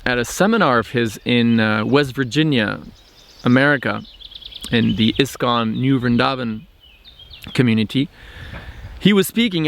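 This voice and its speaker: A man hosting a spiritual vlog, talking thoughtfully with frequent pauses and restarts. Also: mid-range voice, vocal fry, fairly bright tone, a little hiss or hum. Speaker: channel host. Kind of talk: reflective spiritual vlog monologue.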